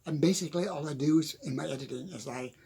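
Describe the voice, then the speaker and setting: Gravelly-voiced man giving casual motivational talk. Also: fairly high pitch, fast talker, mellow. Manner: chatty, laughs often, repeats "okay?". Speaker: motivational speaker. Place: home, at a desk.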